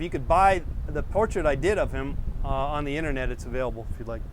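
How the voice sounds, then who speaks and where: A middle-aged man with a slightly high voice rambles easily to his viewers, wandering from one tangent to the next. He sounds relaxed and unscripted, and faint street traffic hums behind him. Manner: rambling, digressive, easygoing. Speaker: painting show host. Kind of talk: casual rambling chat to viewers.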